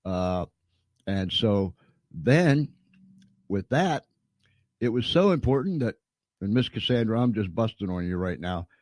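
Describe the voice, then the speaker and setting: A man's voice: lowish voice, lively intonation, measured pace, long pauses, a little mellow, no room sound. A man hosting a live stream in a folksy, chatty way, fighting a cold. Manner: folksy and chatty, playful showman. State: has a cold. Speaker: host. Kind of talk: casual live-stream interview.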